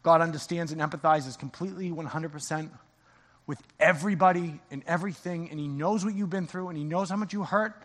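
A man's voice: fairly high pitch, a little fast, fairly bright tone. A man preaching an impassioned sermon as pastor in a church sanctuary. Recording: long church reverb.

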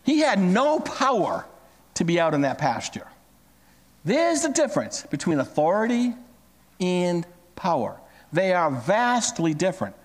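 Male pastor, sermon, high lively voice, long church-hall reverb. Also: unhurried. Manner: animated storytelling with big pitch swings.

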